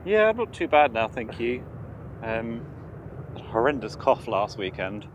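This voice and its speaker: A man co-hosting a live stream, chatting in a relaxed way while congested from a cold. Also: mid-range voice, measured pace, slight background noise. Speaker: co-host. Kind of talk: casual live-stream chat.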